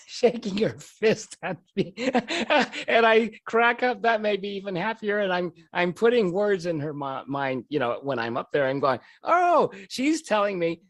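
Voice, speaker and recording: A man telling a personal story in an animated way, often breaking into laughter. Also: fairly high pitch, no echo, studio quality. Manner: lively, animated delivery.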